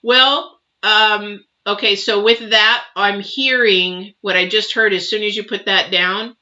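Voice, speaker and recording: A woman's voice: medium pitch, fairly even intonation, takes it slowly, bright, forceful tone. A woman giving a live tarot reading and answering viewers, emotive and chatty with many fillers and restarts. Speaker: tarot reader. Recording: dull lo-fi sound.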